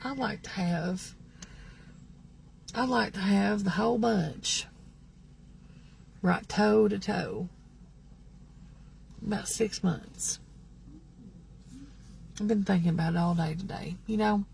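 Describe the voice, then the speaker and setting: A woman's voice: medium pitch, slow, gravelly, long pauses, darkish tone, slight background noise. A woman in her fifties ranting to her followers in a vlog, indignant and rambling, repeating herself as she speaks to the camera outdoors at home. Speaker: vlogger. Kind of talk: angry vlog rant to followers.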